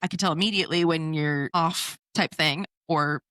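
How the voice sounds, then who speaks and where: A woman's voice: sits low, normal speed, fairly bright tone, dry recording. A woman in her thirties hosting a casual podcast chat, laughing often as she tells stories. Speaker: podcast host.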